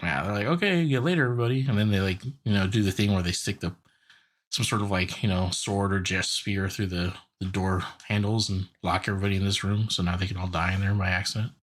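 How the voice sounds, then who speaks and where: Low-voiced man recapping casually. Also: little pitch movement, fast talker, fairly bright tone. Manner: rambling, loose retelling with filler words and quoted asides. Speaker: podcast co-host. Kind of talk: casual chat recapping a cartoon episode.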